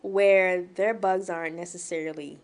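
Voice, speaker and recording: A woman's voice: on the low side, fairly even intonation, normal speed. A tipsy woman co-hosting a casual podcast chat, laughing often, her words slightly slurred. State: tipsy from drinks. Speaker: podcast co-host.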